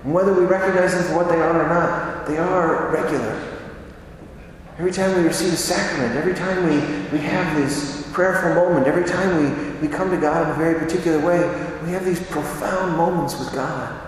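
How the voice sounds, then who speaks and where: A man's voice: a little high, fairly quick, slight background noise. A man giving a conversational sermon, asking rhetorical questions and repeating phrases for emphasis. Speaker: preacher. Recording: echoey hall, voice from far off.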